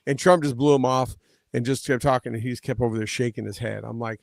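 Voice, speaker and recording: Male panelist, mid pitch, dry close sound; rambling talker who acts out quotes. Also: fairly even intonation, fast talker, vocal fry, no echo. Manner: rambling, many restarts, retells scenes in quoted voices. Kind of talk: casual political chat.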